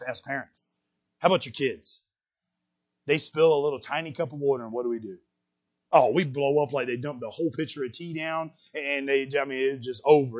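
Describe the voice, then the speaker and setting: Man, pastor, sermon, chatty preaching, loud bursts and hushed drops, husky voice, dull lo-fi sound. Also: mid-range voice, normal speed, long pauses. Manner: animated, conversational preaching with sudden loud jumps and quiet drops.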